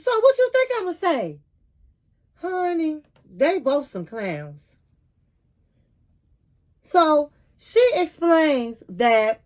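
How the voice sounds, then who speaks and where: Woman host, sassy recap commentator, high-pitched and chatty. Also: darkish tone. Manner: sassy and chatty, calls listeners honey and kings and queens. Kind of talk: casual reality-show recap.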